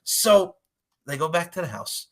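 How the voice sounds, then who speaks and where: A man's voice: a little high, very animated, unhurried, fairly bright tone. A young man on a podcast, casually recapping a movie with lots of swearing and acted-out character lines. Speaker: podcast co-host.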